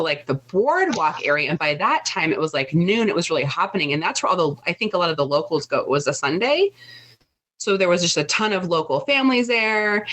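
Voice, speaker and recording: A young woman co-hosting a casual podcast, telling a travel story with plenty of fillers and restarts. Her voice is bright and clear. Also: on the low side, poor audio. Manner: chatty storyteller, lots of fillers. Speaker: podcast co-host. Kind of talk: casual chat.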